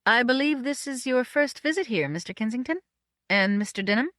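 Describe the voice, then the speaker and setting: A woman's voice: fairly high pitch, lively intonation, brisk, a bit bright, no echo, studio quality, pitched above the performer's own voice. A woman voicing a dignified middle-aged housekeeper who speaks in a careful, formal, polite way.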